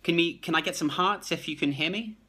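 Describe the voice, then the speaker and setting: A man with a New Zealand accent, talking fast and excitedly on a phone live stream, reading out comments and restarting his sentences. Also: on the high side, slightly rough. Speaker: productivity blogger hosting a live stream.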